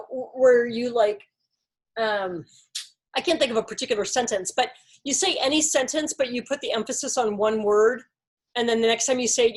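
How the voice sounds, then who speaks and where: Woman in a fairly high register, leading a relaxed Bible study, talking ideas through with examples. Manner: thoughtful, explains with examples, uses "like" and "you know" often. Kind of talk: casual group discussion.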